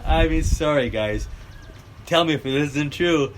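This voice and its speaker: A man's voice: a little high, a little slow, a little hiss or hum. An older American man vlogging outdoors, talking bluntly and joking as he rambles. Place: outdoors near a road.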